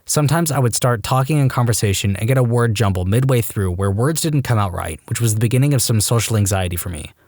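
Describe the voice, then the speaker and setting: A man narrating reddit stories aloud, reading in a brisk, even voice. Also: mid-range voice, no echo, studio quality. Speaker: story narrator.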